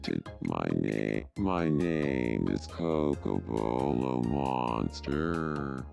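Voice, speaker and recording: Super deep creaky wood monster guy, slow and serious, faint game music behind. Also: animated, darkish tone, exaggerated voice. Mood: flat. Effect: game speech synthesizer.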